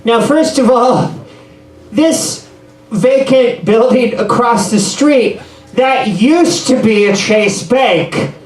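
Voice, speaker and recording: A man's voice: very high-pitched, slow. A man doing a rambling, self-deprecating stand-up set in a bar, ad-libbing through the trouble. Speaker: stand-up comedian. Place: bar comedy room. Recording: echoey room, mic far off.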